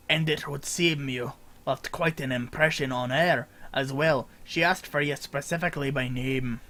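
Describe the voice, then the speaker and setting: A man reading game dialogue aloud as a gruff male sailor officer, stumbling over words as he goes. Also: mid-range voice, fairly bright tone, close to an everyday voice.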